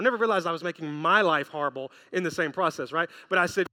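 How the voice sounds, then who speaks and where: Animated male preacher in a reverberant hall. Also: a little high, fast talker, few pauses. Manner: storytelling, animated, acts out quotes. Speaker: pastor. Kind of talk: sermon. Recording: long reverb of a large hall.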